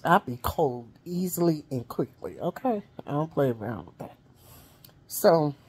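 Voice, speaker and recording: A woman's voice: deep voice, a little mellow, breathy edge. A middle-aged woman vlogging in a chatty storytelling way, wheezing and coughing as she talks and calling her viewers honey and y'all. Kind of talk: casual storytelling vlog.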